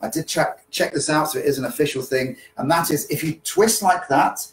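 A man's voice: a little high, normal speed, slight background noise, low-quality recording. Chatty male dance teacher checking in. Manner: chatty, repeats "okay?" to check in. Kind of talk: live-streamed dance lesson podcast.

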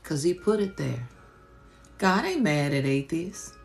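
A woman's voice: low-pitched, sing-song, a little slow, faint music behind. A woman preacher giving an impassioned, colloquial teaching sermon on a live stream, repeating rhetorical questions.

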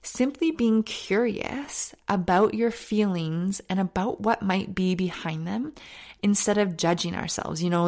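A woman with a mid-range voice hosts a faith-based self-help podcast, telling stories earnestly and sometimes dropping to a soft near-whisper.

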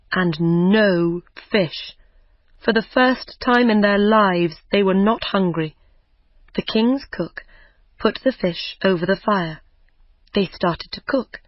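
Slow, careful audiobook narrator. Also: mid-range voice, dry recording. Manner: slow, careful, clear reading. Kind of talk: simple audiobook reading for learners. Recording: dull lo-fi recording.

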